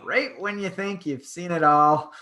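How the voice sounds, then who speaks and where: Canadian guy, kinda high bright voice, rambly late night stream chat. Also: a little slow. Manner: rambling, many fillers and restarts. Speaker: podcast co-host.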